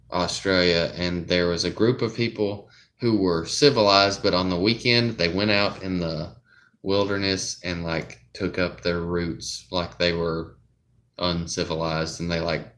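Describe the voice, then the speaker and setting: A man's voice: low voice, fairly bright tone. A young man hosting a casual chat, rambling and hesitant, often trailing off mid-thought. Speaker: streamer host.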